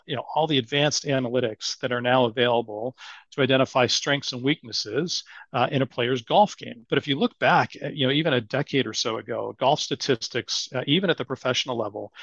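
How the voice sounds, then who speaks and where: A man's voice: medium pitch, creaky, fairly bright tone, no room sound, lo-fi sound. A man with a Boston accent, a guest on a podcast interview, talking thoughtfully with many "you know" fillers. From Boston area. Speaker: guest, asset management strategist.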